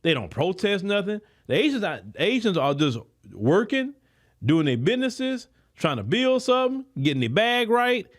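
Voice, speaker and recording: A male podcast host delivering a commentary monologue in a high, lively voice that swings up and down a lot. He preaches at his listeners in loose, colloquial phrasing and keeps repeating words as he presses his point. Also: moderate pace. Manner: preachy, emphatic, addresses listeners directly.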